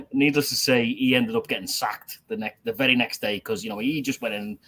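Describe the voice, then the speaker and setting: A man's voice: medium pitch, fairly even intonation, moderate pace, pushed and bright, breathy edge. A man in his forties, an army veteran guest, telling a rambling story with laughs and swearing. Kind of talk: casual storytelling chat.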